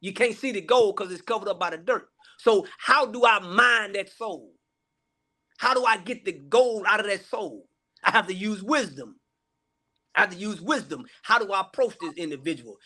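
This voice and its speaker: A man with a high-pitched voice speaks as a guest pastor. He talks in an emphatic, repetitive preaching cadence, circling back on phrases to drive each point home. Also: lively intonation, normal speed, sharp tone. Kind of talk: casual preaching chat.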